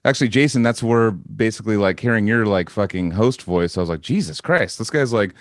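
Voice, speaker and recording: Co-host, man, rapid rambling chat, lower voice, dry sound. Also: no room sound. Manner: rambling, excitable, heavy swearing and filler. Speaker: podcast co-host. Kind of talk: casual chat.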